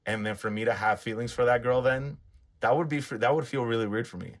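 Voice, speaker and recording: A man's voice: medium pitch, steady tone, fast. A man hosting a casual movie podcast, rambling and searching for words as he makes his point. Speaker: podcast host. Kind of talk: casual chat.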